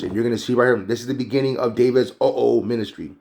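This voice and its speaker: A man's voice: medium pitch, fast, darkish tone. A man teaching a casual Bible chapter recap, conversational and a bit preachy.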